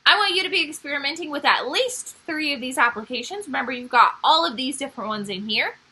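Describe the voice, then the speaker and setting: A woman's voice: sits high, lively intonation, fast talker, bright, forceful tone, rough recording. A woman music teacher giving a recorded online lesson to young children, upbeat and explaining step by step.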